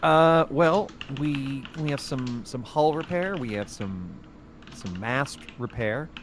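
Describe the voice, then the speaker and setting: A man's voice: medium pitch, lively intonation, slow, background noise. A man playing a tabletop game in character, speaking hesitantly with many fillers. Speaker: player.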